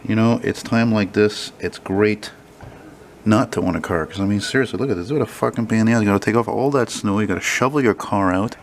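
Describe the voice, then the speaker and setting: A man's voice: on the low side, brisk. A man, walking through snowy city streets and telling a rambling, profanity-laced story to his handheld camera. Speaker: vlogger. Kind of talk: casual walking vlog storytelling. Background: faint city traffic.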